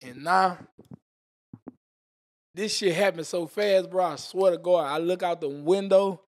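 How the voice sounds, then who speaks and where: A man's voice: high voice, measured pace. A man telling a wild story as a podcast guest, with casual, profane slang and spoken sound effects.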